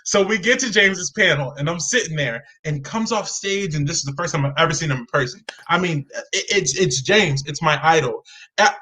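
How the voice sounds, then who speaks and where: A young man with a bright, forceful voice that sits a little high for a man. He tells his stories with plenty of energy and acts out the people in them. He is heard over a video call. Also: a little fast, low-quality recording. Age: young adult. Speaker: guest. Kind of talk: animated storytelling.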